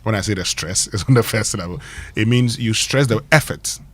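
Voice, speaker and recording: A man's voice: lowish voice, fairly quick. A man with a Ghanaian English accent hosting a morning radio show in a studio, explaining things with frequent laughs. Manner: explanatory, laughs often between points. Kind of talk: radio morning show chat and pronunciation segment.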